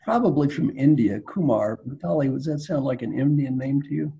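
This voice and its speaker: A man with a husky, gravelly voice tells folksy stories to give advice, circling back to repeat his key lines. His tone is dark and mellow. The sound is the dull, lo-fi audio of a video call. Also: mid-range voice, a little fast. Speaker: guest speaker, executive coach. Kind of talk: storytelling advice talk.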